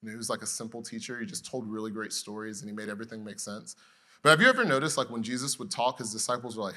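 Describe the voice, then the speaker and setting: A male pastor delivering a sermon in a lively, conversational way, telling humorous stories and asking the room rhetorical questions. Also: on the low side, very fast. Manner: storytelling with humor.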